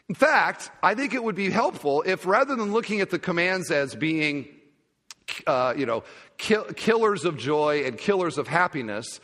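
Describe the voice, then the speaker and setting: A pastor preaching a sermon in a church, animated and given to acting out little conversations. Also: male voice, fairly high pitch. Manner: animated, acts out little dialogues. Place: church sanctuary. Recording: long hall reverb.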